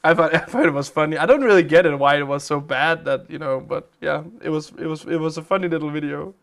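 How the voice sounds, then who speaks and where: A man's voice: a little high, fast talker, creaky, a bit bright. A man hosting a game live stream, chatting casually as he plays, with a chatty, rambling manner. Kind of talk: casual live-stream chat while playing games.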